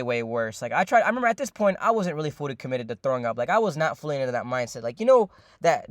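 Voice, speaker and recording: A young man rattles off a rambling storytime monologue at a quick clip, his voice sitting a little high for a man. He swears freely, repeats himself and leans on fillers, calling out to his listeners as ladies and gentlemen. The sound is dry and close, with no room around it. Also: no room sound. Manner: addresses viewers as ladies and gentlemen.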